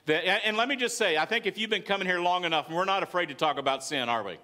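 A man's voice: high voice, fast, sharp tone. A male pastor with a Southern US accent, preaching a conversational sermon to his congregation with frequent calls of "amen.". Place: church sanctuary.

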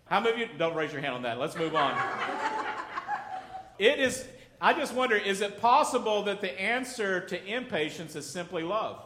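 A middle-aged pastor preaching a sermon in a loose, conversational way, joking, acting out little scenes and asking the congregation questions. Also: male voice, high-pitched, big pitch swings, normal speed, sharp tone, a little hiss or hum. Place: church sanctuary. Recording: echoey church hall.

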